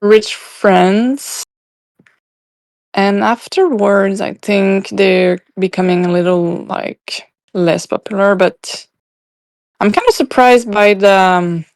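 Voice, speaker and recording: Slow-talking French-accented woman guest. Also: medium pitch, a little mellow, no room sound. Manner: hesitant, searching for words, laughs often. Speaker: podcast guest. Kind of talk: casual chat.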